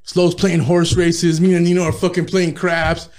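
A man's voice: high-pitched, flat delivery, normal speed, a little mellow. A man, a rapper guest in his thirties, telling profane, laid-back stories with frequent laughs in a casual interview.

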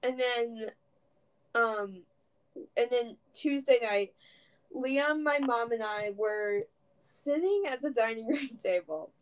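A young woman with a high voice tells a story in a loose, chatty way. Her talk is full of "like" and small restarts, as in a casual podcast chat between friends. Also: slow pace, clear, resonant tone. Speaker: podcast co-host.

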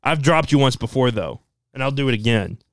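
A man's voice: mid-range voice, expressive, fairly quick, no room sound, pitched below the performer's own voice, lightly acted. Desperate pleading executive, as a man puts him on. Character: desperate then threatening male wrestling executive.

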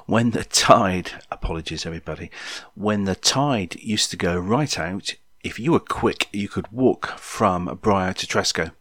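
Low-voiced, rambling man in his sixties. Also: a little slow, a bit bright, no room sound, clean studio sound. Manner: rambling and jokey, with frequent ums and asides to listeners. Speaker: podcast storyteller. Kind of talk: casual spoken memoir.

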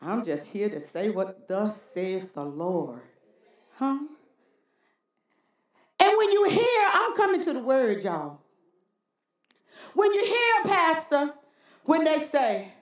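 Slowly and with many pauses, a woman pastor delivers a sermon in an echoey room. Her high-pitched voice swings widely, and she keeps calling out "Huh?" to the congregation amid folksy, call-and-response preaching.

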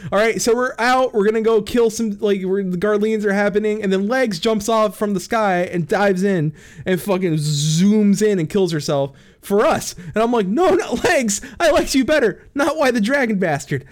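High, lively man in a profane comic rant. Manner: profane, laughing often, acts out characters. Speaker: storyteller recapping a game plot. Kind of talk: rambling comedic recap.

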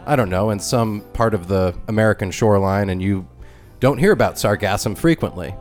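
A man's voice: lowish voice, brisk, a little mellow, soft background music. A man co-hosting a podcast, bantering playfully in casual chat. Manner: playful, banters with his co-host. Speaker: podcast co-host.

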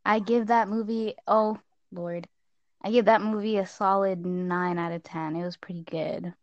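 A teenage girl casually chatting as she reviews a film, lively and full of retellings. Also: normal speed, dry recording, lo-fi sound. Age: teens. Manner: animated, acts out scenes in squeaky voices. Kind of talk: casual chat.

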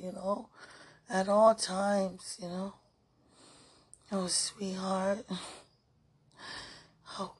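A woman recording an emotional spoken message to a loved one, halting and sighing, dropping to breathy whispers at times. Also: medium pitch, dark tone. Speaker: podcaster.

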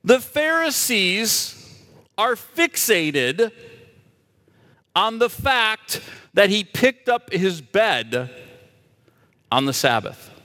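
A man's voice: high voice, big pitch swings, drawn-out words, long pauses, bright, forceful tone, big-room sound. A man preaching a sermon as a pastor, emphatic and asking the audience rhetorical questions.

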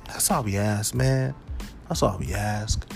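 With faint music in the background, a man with vocal fry hosts a podcast at a measured pace. He rants in a relaxed, comedic style, animated and varying his pitch and volume, sometimes lowering into a put-on voice.

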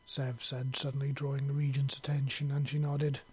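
Husky-voiced male audiobook narrator. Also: medium pitch, level tone, moderate pace, hardly any pauses, a little mellow. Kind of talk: scripted narration.

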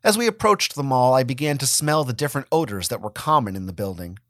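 A man's voice: medium pitch, fast talker, no room sound, clean studio sound. A man giving a dramatic first-person reading of a story. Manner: expressive, dramatic. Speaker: reader.

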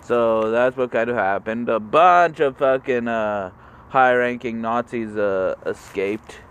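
A man telling history as a crude, rambling comedy rant, halting with fillers and jumping into squeaky mocking voices. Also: fairly bright tone, clear, resonant tone. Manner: jumps into squeaky high mocking voices for countries.

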